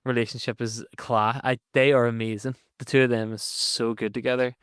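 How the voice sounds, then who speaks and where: A man co-hosting a casual podcast, chatting and jumping in with quick comments. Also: mid-range voice, flat delivery, a bit bright, clean tone, no room sound, studio quality. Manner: chatty, quick interjections and laughter. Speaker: podcast co-host.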